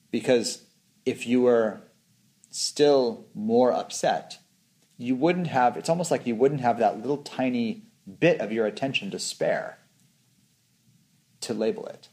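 In an informal meditation talk, a male teacher speaks reflectively, often acting out his own inner voice. His voice is medium in pitch and a little mellow.

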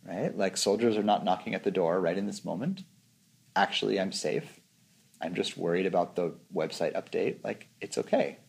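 A man's voice: low voice, normal speed, vocal fry. A man giving an informal meditation talk as a teacher, speaking reflectively and often acting out his own inner voice.

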